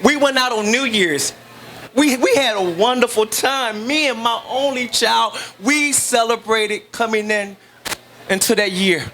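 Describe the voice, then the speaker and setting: A man's voice: high-pitched, sharp tone, a little hiss or hum. A middle-aged man, a grieving father, giving emotional testimony in an earnest, emphatic way and repeating key phrases, close to tears.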